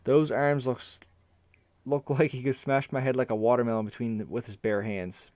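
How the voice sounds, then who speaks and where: A man voicing a cheeky male healer who shouts teasing remarks, in a storybook reading. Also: mid-range voice, steady tone, moderate pace, no room sound, natural voice. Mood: mocking. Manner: loud, teasing.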